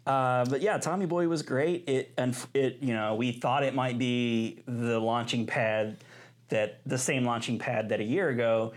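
A man's voice: medium pitch, steady tone, measured pace. A man co-hosting a podcast in casual chat, talking with enthusiasm and rambling through restarts and many asides. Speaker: podcast co-host.

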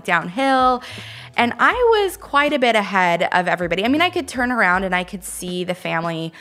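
A woman's voice: medium pitch, fairly bright tone. A young woman from Northern California, a radio host, tells a personal story on air and gets choked up as she talks.

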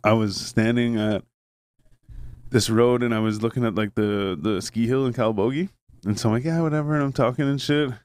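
A man's voice: medium pitch, darkish tone, clear, resonant tone. A man chatting casually on a podcast, telling rambling, profane stories and acting out what others said. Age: adult with a son. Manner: fast, rambling, swears a lot, acts out voices in anecdotes. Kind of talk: casual chat, storytelling.

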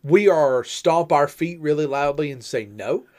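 A man's voice: fairly high pitch, animated, unhurried, darkish tone. A man and young father chatting about parenting, explaining things point by point with dry humor. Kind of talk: casual chat about parenting.

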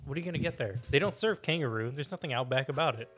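A man's voice: mid-range voice, lively intonation, very fast, loud music behind the voice. A young man in casual chat who teases and corrects his friends with a chuckle. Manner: teasing, corrects others, chuckles mid-sentence.

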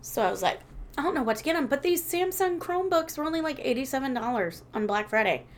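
A woman in her thirties chatting casually as a podcast co-host, telling animated stories, laughing often and swearing freely. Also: high-pitched, fast talker. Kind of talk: casual chat.

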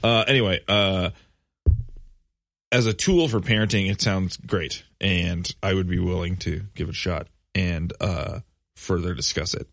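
A man's voice: low voice, steady tone, a little slow, creaky, fairly bright tone, no room sound, studio quality. A man in his thirties co-hosting a casual podcast, rambling with many fillers and restarts. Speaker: podcast co-host. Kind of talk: casual chat.

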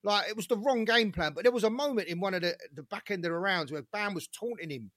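A man co-hosting a boxing podcast in casual chat, animated and swearing freely. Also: sits high, fast talker, dry recording, studio quality. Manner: animated, swearing, shouts when reenacting. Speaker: podcast co-host.

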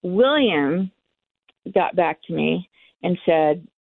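A woman recounts her own experience in an interview, candid and quick to act out both sides of a conversation. Her voice sits low and gravelly. It comes through a tinny, dry phone line. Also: expressive, no room sound. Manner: candid, acts out the dialogue. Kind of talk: personal storytelling.

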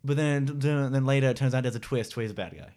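Young male co-host, mid-pitched voice, rambling film talk with casual swearing. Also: fast, a little mellow. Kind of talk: casual film review chat.

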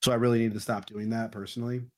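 A man on a movie review podcast walks through a horror plot in loose, profane chat. His voice sits at an ordinary middle pitch, and he tells the story with offhand slang. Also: rapid-fire. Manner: animated retelling with crude slang. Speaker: podcast host.

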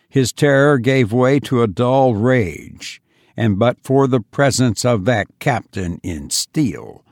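Slow, gravelly male audiobook narrator. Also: mid-range voice, darkish tone, dry recording, studio quality. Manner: measured, dramatic storytelling. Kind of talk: scripted narration of a historical novel.

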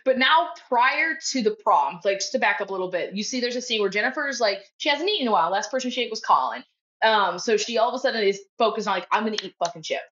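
A woman's voice: a little high, lively intonation, fast talker, fairly bright tone, muffled recording. A woman guest co-hosting a casual podcast chat, swearing freely and acting out film lines in put-on voices. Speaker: guest co-host.

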